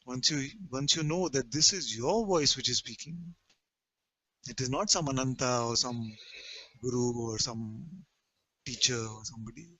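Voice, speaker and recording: A man leading a satsang, speaking slowly and emphatically as a spiritual teacher who gently repeats his points. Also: mid-range voice, no room sound, highs cut off. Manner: slow, emphatic, gently repetitive.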